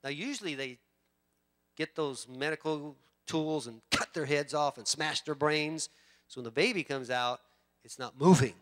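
A man preaching a sermon, swinging from loud emphatic bursts to hushed storytelling. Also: a little high, normal speed. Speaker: pastor.

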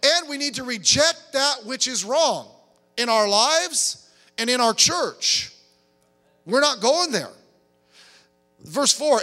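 Middle-aged male pastor, emphatic and conversational preacher, high voice, faint music under him. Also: bright, forceful tone. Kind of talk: sermon. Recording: reverberant hall, faint music behind.

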